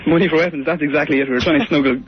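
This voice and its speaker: A man's voice: a little high, fairly even intonation, rapid-fire, crowd noise. A man with an Irish accent calling into a radio show, joking and laughing along. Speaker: caller. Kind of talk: casual radio chat. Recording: dull lo-fi radio broadcast.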